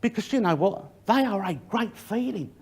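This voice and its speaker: Man, middle-aged, safety talk, direct to the audience, fairly high voice. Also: animated, moderate pace, husky. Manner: direct, addresses the audience, varies emphasis. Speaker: workplace safety speaker.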